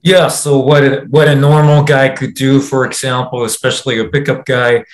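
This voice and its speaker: A man co-hosting a casual podcast, asking questions calmly. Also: medium pitch, normal speed, roomy sound, low-quality recording. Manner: calm, asks questions. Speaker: co-host.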